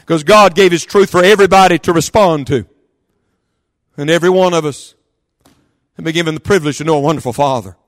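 A man preaching a sermon in church, impassioned, swinging from quick asides to loud, drawn-out calls. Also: a little high, no echo, clean studio sound. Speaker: pastor. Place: church service.

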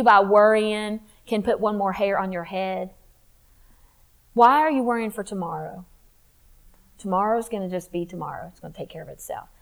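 A woman telling her faith testimony in a candid, animated way, acting out what people said. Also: mid-range voice, rough recording. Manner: candid, animated, acts out quotes. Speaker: speaker sharing testimony.

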